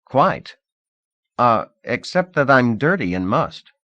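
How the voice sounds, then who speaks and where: A man's voice: medium pitch, very animated, takes it slowly, dry recording, muffled recording, pitched above the performer's own voice. A man voicing an earnest, cautious young man who was once a beggar, speaking in a plain, careful way.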